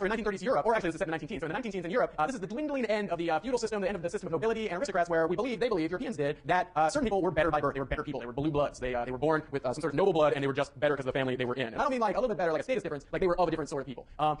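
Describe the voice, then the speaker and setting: Male lecturer, rapid casual delivery, slightly high, filler-heavy classroom talk. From United States. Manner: fast, chatty, lots of fillers and asides to students. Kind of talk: university lecture.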